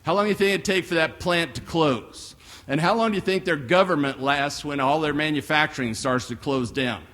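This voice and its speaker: Blunt, animated American man in a hall. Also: a little high, a little fast. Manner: animated, blunt, folksy, with rhetorical questions. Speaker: guest speaker, economist. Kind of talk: keynote forecast speech. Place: large hall with long reverb. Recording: live hall recording with reverb.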